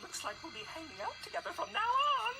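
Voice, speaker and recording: Gushy cartoon teacher lady, sugary sweet, loud music behind. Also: very high voice, wildly swooping pitch, fast talker, creaky, full character voice. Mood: gushing. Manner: sugary, gushing, clingy. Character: fussy adult woman teacher, gushing and doting. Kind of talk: cartoon voice acting.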